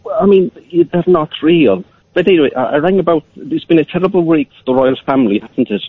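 A man's voice: on the high side, expressive, quick pace, no room sound. A man phoning in to a radio show in a put-on Irish accent, stammering over his words. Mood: earnest. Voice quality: stammering, gravelly. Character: caller putting on a fake Irish voice. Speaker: caller. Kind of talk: prank call to a radio phone-in. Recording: muffled phone-in line.

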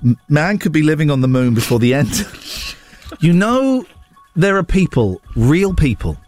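A man's voice: a little high, sing-song, moderate pace, a little mellow, faint music behind. A man hosting a casual morning radio show, bantering in a playful, mock-indignant way. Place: radio studio. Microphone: studio microphone.

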